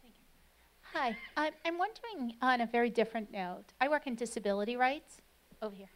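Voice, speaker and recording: A woman's voice: fairly high pitch, expressive, fairly quick, a little hiss or hum. A woman in the audience who works in disability rights, asking an earnest, slightly hesitant question.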